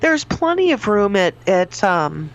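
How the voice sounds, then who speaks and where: A woman co-hosting a morning radio show, trading quick, playful banter in casual chat. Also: medium pitch, sing-song, dull audio. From St. Louis area, Missouri. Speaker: radio co-host.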